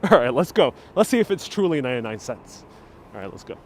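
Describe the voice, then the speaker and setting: A man's voice: mid-range voice, very animated, fast talker, darkish tone, slight background noise. A man hosting a live walking tour outdoors on city streets, joking with viewers and reading out their chat comments into a clip-on mic. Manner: playful, jokey, reads out chat comments. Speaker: livestream walking tour host. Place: outdoors on city streets, then inside a small discount store. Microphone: wireless clip-on mic, phone on gimbal.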